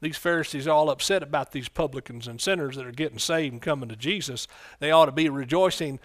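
Preacher guy, folksy, gets loud and excited, higher voice, dry mic. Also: quick pace, no room sound. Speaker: pastor. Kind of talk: sermon. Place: church.

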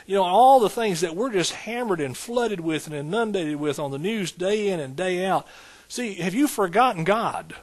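Folksy preacher, rhythmic repeats. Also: male voice, high voice, expressive, normal speed. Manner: repetitive preaching cadence, folksy asides. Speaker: pastor. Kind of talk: sermon.

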